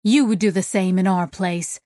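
A woman voicing a stern alien captain who speaks in a formal, measured, menacing way. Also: medium pitch, warm tone, no room sound, studio quality, natural voice.

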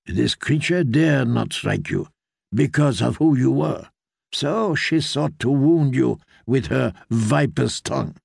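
A man voicing a soothing foreign noblewoman in an audiobook reading, with a soft, coaxing manner. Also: medium pitch, slow pace, gravelly, slightly rough, dry recording, clean studio sound, full character voice. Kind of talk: audiobook character voice.

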